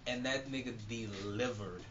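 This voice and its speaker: A man co-hosting a podcast in casual, profane, animated chat, laughing often. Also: mid-range voice, normal speed. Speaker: podcast co-host. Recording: dull lo-fi sound with music behind.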